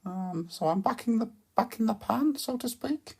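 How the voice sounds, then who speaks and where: A woman hosting a comic podcast, rambling in a deadpan, hesitant way with constant ums and self-corrections. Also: on the high side, moderate pace, hardly any pauses, breathy edge. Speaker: podcast host.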